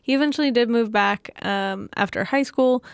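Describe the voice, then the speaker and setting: A woman's voice: a little high, normal speed, vocal fry, smooth, no echo, studio quality. A woman co-hosting a podcast, narrating a true story from notes and laughing often.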